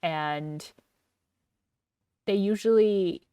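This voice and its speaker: A young woman co-hosting a podcast in a chatty, casual way, full of "like" fillers and quick laughs. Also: medium pitch, dark tone, clear, resonant tone, dry recording, studio quality, distant mic. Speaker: podcast co-host. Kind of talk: casual chat.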